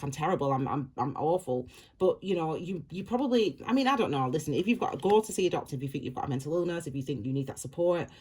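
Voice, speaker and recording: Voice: mid-range voice, a little mellow, breathy edge. A tarot reader talks straight to the viewer in a loose, rambling way, circling back and repeating the same phrases. The voice sits in a middle register and the reading stays casual and reassuring throughout. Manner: reassuring, direct address to viewer.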